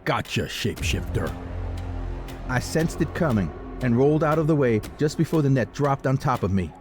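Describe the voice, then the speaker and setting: A man narrates a first-person fantasy story in an even, mid-pitched voice. His reading is steady and dramatic, built for an audiobook. Faint music plays under the narration. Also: fairly quick.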